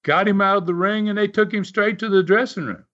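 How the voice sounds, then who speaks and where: Over dull, lo-fi audio, a man with a high, slightly bright voice talks fairly quickly. As a podcast co-host and storyteller, he rambles casually through wrestling tales, full of fillers and false starts.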